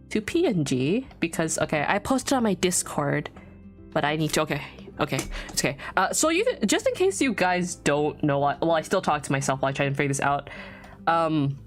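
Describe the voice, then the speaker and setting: Chatty young woman streamer rambling aloud. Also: fairly low pitch. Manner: chatty, rambling, thinks aloud, laughs often. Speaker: VTuber streamer. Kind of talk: casual livestream chat.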